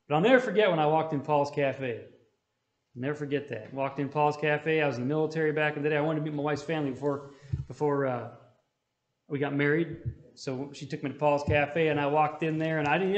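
A man's voice: fairly high pitch, reverberant. A man leading a Bible study, talking conversationally and calling on his listeners for amens. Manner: conversational, asks the room for amens. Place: church hall.

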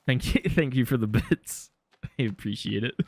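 Brief: male streamer, mid-pitched voice, dry sarcastic jokes over casual gameplay commentary. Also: measured pace, creaky, husky, no room sound. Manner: sarcastic, deadpan joking, laughs at his own jokes. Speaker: game streamer.

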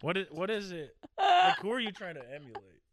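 A man's voice: sits high, huge pitch swings, brisk, soft background music. A man guesting on a comedy podcast, chatting casually and rambling, with a lot of "like" in his speech. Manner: rambling, heavy use of "like".

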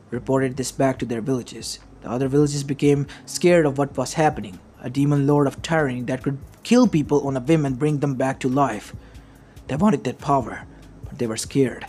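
A man's voice: mid-range voice, darkish tone. A man reading a fan story aloud in a plain voice, stringing long run-on sentences together. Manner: run-on, loosely strung sentences. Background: faint background music.

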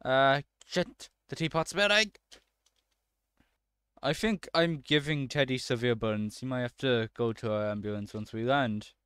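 A man's voice: mid-range voice, measured pace, fairly bright tone, clear, resonant tone, dry recording. A man doing let's-play commentary, swearing and breaking into frustrated outbursts at the game.

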